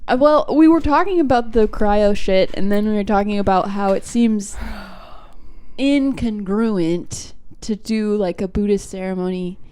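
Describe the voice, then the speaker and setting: A woman co-hosting a podcast in casual chat, trading dry quips and calm reflections, close to the mic. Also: mid-range voice, measured pace, clean tone. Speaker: podcast co-host.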